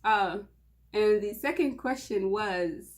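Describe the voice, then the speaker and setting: A woman's voice: mid-range voice, slow pace. Young woman, nervous and giggly, rambling casual vlog talk, stumbles and restarts. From Mauritania. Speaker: channel host.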